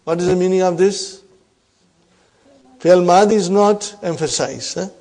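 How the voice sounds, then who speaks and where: Teacher quizzing his class, mellow voice. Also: high-pitched, a little slow. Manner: explains and quizzes students with frequent "huh?". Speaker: Arabic teacher. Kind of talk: classroom grammar lesson.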